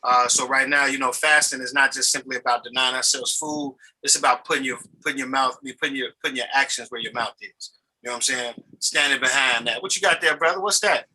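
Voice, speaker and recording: A man who is a pastor, talking casually and in a lively, preacherly way on a video call. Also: medium pitch, quick pace, slightly rough, rough recording. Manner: animated, preacherly, repeats "you know what I'm saying". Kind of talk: casual chat.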